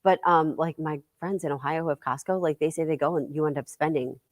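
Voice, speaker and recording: A woman's voice: sits low, brisk, no echo. A woman co-hosting a morning talk show, chatting in an easygoing way with her co-host in a TV studio. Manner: easygoing, laughs readily, conversational. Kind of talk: casual chat.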